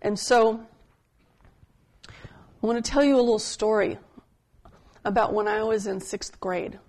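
A woman giving a sermon as a pastor, telling stories in a conversational style and slowing down to stress key points. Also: mid-range voice, steady tone, a little mellow. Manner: conversational storytelling preaching, slowing for emphasis.

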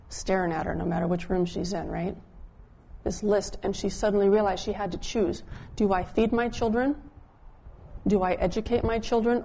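Woman, pastor, sermon storytelling, conversational, mellow warm tone. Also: medium pitch. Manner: conversational, drops softer when quoting others.

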